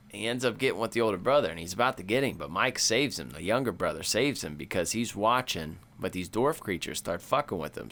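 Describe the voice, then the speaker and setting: A man chats casually on a horror podcast in a fairly low voice. He laughs often and jumps into lively impressions of movie dialogue. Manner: laughs often, animated mimicking of movie lines. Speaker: podcast co-host. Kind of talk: casual chat.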